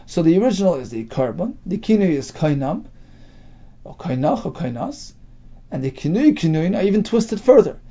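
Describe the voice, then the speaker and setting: A man's voice: on the high side, creaky, warm tone. A man teaching a daily Talmud class, reading phrases of the text and explaining them in casual English as he asks and answers his own questions. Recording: dull lo-fi class recording.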